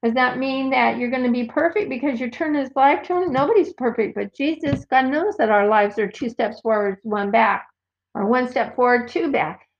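A woman's voice: on the high side, normal speed. Earnest woman reading scripture, lo-fi. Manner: earnest, reads verses aloud and cites references. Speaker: Bible teacher. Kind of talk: informal Bible teaching with scripture reading. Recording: dull lo-fi recording.

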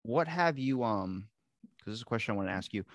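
A man's voice: on the low side, dry recording. A man with a Baltimore accent hosting a podcast, chatting casually and swearing as he tells stories. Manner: fast, swearing, animated storyteller. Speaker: podcast host.

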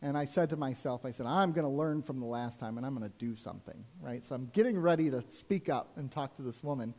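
A man's voice: mid-range voice, fast talker, warm tone. A man preaching a sermon as a pastor, telling personal stories in a conversational way with frequent asides to the congregation.

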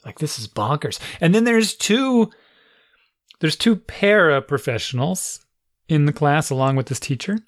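A parent recounting a frustrating school day in a casual chat. The voice sits at a middling pitch, swings lively up and down, and spills out full of "like" fillers and exasperation. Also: a little slow. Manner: animated, exasperated, lots of "like" fillers.

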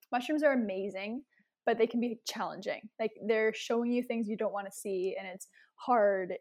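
A young woman telling a story as an interview guest, animated, with many fillers. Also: medium pitch. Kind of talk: casual interview chat.

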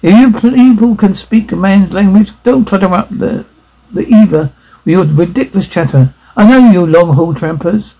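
A man's voice: high-pitched, moderate pace, warm tone, voice pushed up, poor audio. A man voicing a blustering, gloomy male spaceship crewman in a read-aloud science fiction story, bellowing and scornful. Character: blustering gruff male spacer, boastful and pessimistic.

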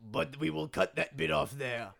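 A man's voice: medium pitch, moderate pace, vocal fry, a bit bright. A man voicing a proud, sentimental father bear who tells corny dad jokes and gives earnest pep talks.

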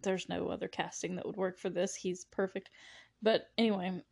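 A woman's voice: fairly low pitch, level tone, moderate pace, vocal fry, darkish tone. A woman hosting a podcast, recapping a movie in casual chat, giggling often and gushing with lots of filler words. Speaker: podcast host.

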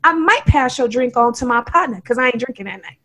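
A woman from Oakland with a Bay Area accent, co-hosting a podcast and telling a story in an emphatic, animated way. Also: a little high, fast. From Oakland, California. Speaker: podcast co-host. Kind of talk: casual storytelling chat.

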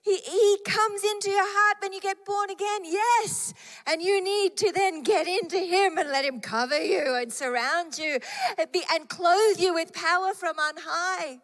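Female preacher, high voice, slow and emphatic delivery, repeats key phrases; echoing hall. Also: fairly bright tone. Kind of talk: sermon.

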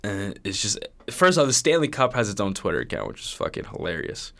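A man's voice: fairly low pitch, huge pitch swings, brisk, gravelly, fairly bright tone. A man co-hosting a casual podcast, telling stories animatedly and swearing a lot. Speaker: podcast co-host. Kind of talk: casual chat.

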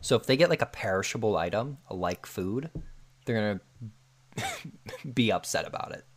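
A man's voice: on the low side, sing-song, normal speed, husky. A man co-hosting a podcast, chatting casually with lots of fillers, reading listener answers aloud. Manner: filler-heavy, laughs often. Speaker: podcast co-host. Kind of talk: casual chat.

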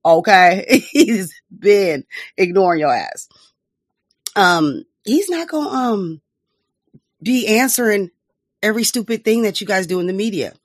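A woman's voice: medium pitch, sing-song, unhurried, pauses often, no room sound, clean studio sound. A woman hosting a podcast, giving casual political commentary in a profane, laughing, mocking way. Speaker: podcast host.

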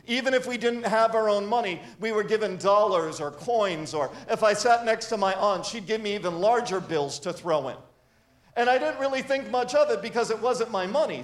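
Male pastor, high voice, earnest conversational sermon delivery. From grew up in a church with many missions givers. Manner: earnest, conversational preaching with personal stories.

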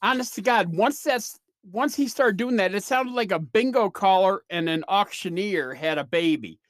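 A man's voice: sits high, animated, moderate pace, no echo, studio quality. A man hosting his own podcast, telling rambling, self-deprecating stories in a casual solo chat with lots of fillers. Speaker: podcast host.

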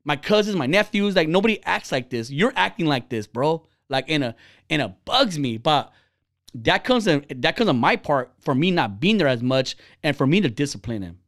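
A man's voice: fairly high pitch, normal speed, dry recording, studio quality. A man hosting a podcast, telling personal stories in a blunt, profane, heated way. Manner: animated and heated. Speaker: podcast host. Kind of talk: casual chat.

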